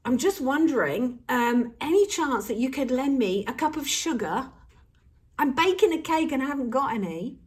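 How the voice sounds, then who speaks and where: A woman's voice: high-pitched, expressive, moderate pace, husky. A woman acting out a pushy neighbor who keeps asking for favors in a persistent, pleading way. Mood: wheedling.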